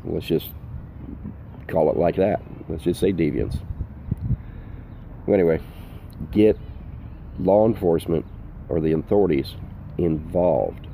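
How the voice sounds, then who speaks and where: Outdoors in the sun, an older full-time RV vlogger gives earnest, emphatic safety advice, repeating his points in a casual way. His low voice is creaky and mellow, moving slowly with frequent pauses, over slight background noise.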